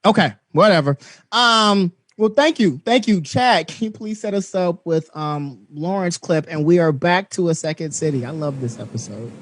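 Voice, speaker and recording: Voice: medium pitch, expressive, normal speed, dry recording. A flustered host running a livestream show, joking and self-mocking between segments.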